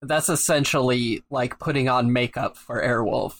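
A man's voice: medium pitch, normal speed, a bit bright, no room sound. A man co-hosting a podcast, chatting casually with wry jokes and frequent laughter. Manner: wry, joking, laughs often. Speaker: podcast co-host.

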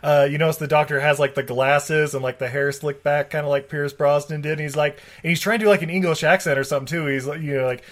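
A man's voice: a little high, fairly even intonation, quick pace, hardly any pauses. A man co-hosting a casual movie-review chat, rambling and sarcastic, laughing often. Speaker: podcast co-host.

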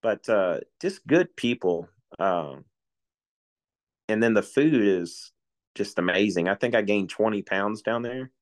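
A man in his forties settles into a relaxed chat, telling folksy stories with frequent chuckles. His voice sits fairly low. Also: measured pace. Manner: folksy storyteller, chuckles often. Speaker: guest, retiring coast guard officer. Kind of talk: casual chat.

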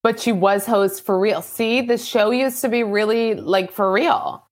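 A woman guest on a podcast, chatting casually and firing off quick questions, full of "like" and "you know". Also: mid-range voice. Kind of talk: casual chat.

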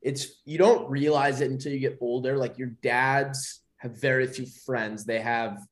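A man's voice: mid-range voice, fairly even intonation, unhurried. A young man co-hosting a podcast, chatting casually and rambling with many restarts. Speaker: podcast co-host. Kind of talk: casual chat.

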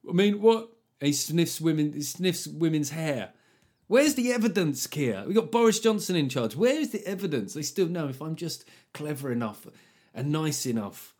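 A man's voice: on the high side, normal speed. Sarcastic man ranting solo. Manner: sarcastic, swearing, animated impressions. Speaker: podcast host. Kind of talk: solo comedic political rant.

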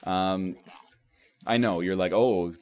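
Guy rambling on his show, lots of "like", jokey and self-mocking, middle-pitched voice. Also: very animated, moderate pace. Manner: rambling, self-deprecating, heavy use of "like"; jumps in pitch when acting out quoted people. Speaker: show host. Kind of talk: casual comedic monologue.

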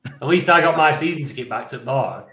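A man rattles through a story, rambling and lively, swearing freely and laughing as he goes. His voice sits at an ordinary middle pitch. The room around him gives it a noticeable echo. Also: fast talker. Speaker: podcast co-host. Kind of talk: casual anecdote telling.

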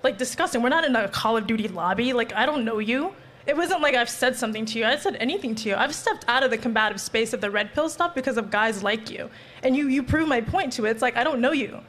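A woman's voice: a little high, fast talker, a bit bright. A woman on a podcast panel, confronting a guest in a heated debate.

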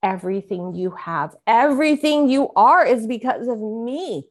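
A woman's voice: fairly high pitch, animated, a little slow. A woman voicing an older mother who is furious and scornful toward her grown daughter. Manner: scornful, biting.

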